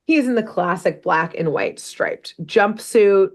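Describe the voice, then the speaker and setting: A woman with a mid-range voice talks slowly as she co-hosts a podcast. Her casual cartoon recap comes out as a rambling, chatty story full of jokes, laughter and asides.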